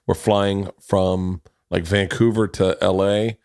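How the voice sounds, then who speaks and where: A man's voice: low-pitched, little pitch movement, slow, a little mellow, smooth, dry recording, clean studio sound. A man in his forties hosting a podcast, telling rambling, self-deprecating stories full of restarts. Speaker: podcast host. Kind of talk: casual podcast conversation.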